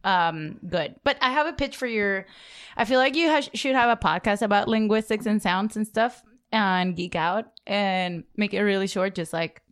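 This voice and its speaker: A woman's voice: medium pitch, normal speed, clean tone. A woman co-hosting a podcast in casual chat, rambling, swearing freely and laughing often. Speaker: podcast co-host.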